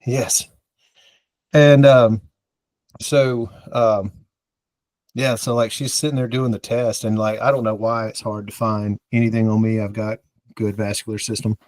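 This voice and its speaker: A man's voice: fairly low pitch, little pitch movement, a little slow, long pauses, a little mellow, no echo. A man from the American South, a podcast co-host, telling a rambling, self-mocking story in casual chat and acting out the dialogue.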